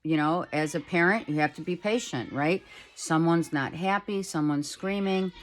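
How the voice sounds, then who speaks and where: A middle-aged woman giving a casual tarot reading at home, talking softly and rambling, with many fillers. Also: fairly low pitch, normal speed, slight background noise. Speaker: tarot reader. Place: home, with a child heard in the background.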